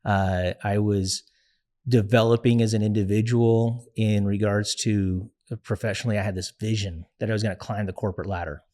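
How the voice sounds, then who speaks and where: A young adult man, a guest in an interview, telling a personal story in an earnest, reflective way with frequent pauses and fillers. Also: fairly low pitch, steady tone, mellow.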